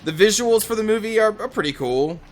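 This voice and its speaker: Young gamer guy, kinda high voice, rambling over gameplay w/ lots of "like" and "kinda". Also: expressive, a little fast, soft background music. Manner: rambling, chatty, with fillers and casual swearing. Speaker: gaming channel host. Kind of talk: casual commentary over gameplay.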